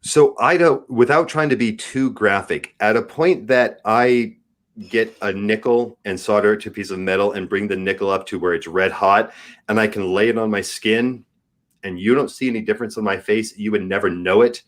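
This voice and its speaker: A man's voice: on the low side, normal speed. A man in his forties, a podcast guest, talking candidly and earnestly and giving advice in casual chat. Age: 40s.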